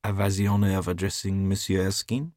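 An actor playing a courteous old gentleman messenger with a slight French accent. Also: deep voice, flat delivery, a little fast, dry recording, clean studio sound, lightly acted. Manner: courteous, formal.

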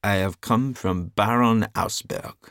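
An actor playing a courteous old gentleman messenger with a slight French accent. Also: fairly low pitch, takes it slowly, dry recording, studio quality. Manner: courteous, formal.

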